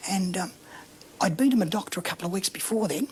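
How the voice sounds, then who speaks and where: Breathy Australian man telling a story. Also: sits high, fast, slight background noise. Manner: animated anecdotal, acts out dialogue. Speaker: interview guest. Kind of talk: casual storytelling.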